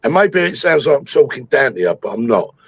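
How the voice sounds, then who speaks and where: A man's voice: medium pitch, sing-song, brisk, breathy edge, no room sound, rough recording. A man hosting a livestream, ranting angrily with heavy swearing about politics. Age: 60s. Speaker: livestream host. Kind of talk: heated political chat.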